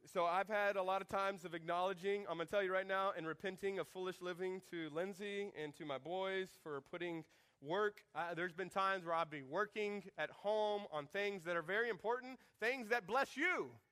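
A man in his thirties preaching a sermon as pastor, animated and joking, acting out quoted lines in shifting voices. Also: high voice, moderate pace, clean tone.

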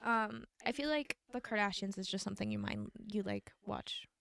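A woman's voice: mid-range voice, moderate pace, gravelly, fairly bright tone, no echo. A young woman co-hosting a podcast, chatting casually and upbeat in a friend's bedroom, with lots of "like". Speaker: podcast co-host. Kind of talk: casual chat.

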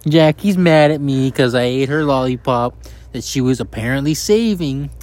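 A man's voice: mid-range voice, normal speed, a little mellow. Joking man hosting a casual podcast. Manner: joking, swearing, teasing. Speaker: podcast host. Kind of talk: casual chat.

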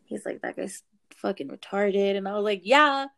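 A young woman casually telling a story, animated, swearing and laughing as she goes. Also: mid-range voice, moderate pace, creaky.

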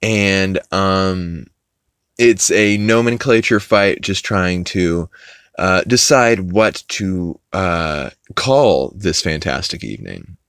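A podcast host with a low, slightly bright, clear and resonant voice rambles through a casual recap of a cartoon episode. He swears freely and quotes the characters in quick put-on voices, recorded in clean studio sound with no echo.

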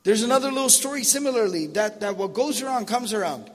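A man in his thirties gives a sermon in a high voice for a man, telling stories casually with slangy asides. A long hall reverb trails behind each phrase. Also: animated, fast. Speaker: preacher.

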